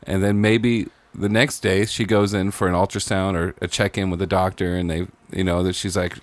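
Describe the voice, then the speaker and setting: Deep-voiced man rambling through story ideas. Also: level tone, normal speed, hardly any pauses. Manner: rambling, full of "like" and "maybe". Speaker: podcast co-host. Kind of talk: casual brainstorming chat.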